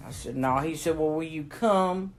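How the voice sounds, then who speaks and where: A woman's voice: normal speed, a little hiss or hum. Older woman telling salty stories. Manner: salty, profane, animated retelling of conversations; frequent low laughs. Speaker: family storyteller. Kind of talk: casual storytelling.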